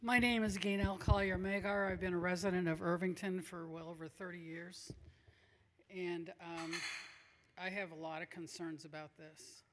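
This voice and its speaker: A longtime resident, a woman, asking pointed questions in a measured way at a public forum. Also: fairly low pitch. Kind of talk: public comment. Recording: reverberant hall.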